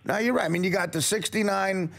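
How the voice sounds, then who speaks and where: A man hosting a radio talk show, trading jokes and quick one-liners with a guest. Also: sits high, vocal fry, a bit bright. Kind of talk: casual radio chat.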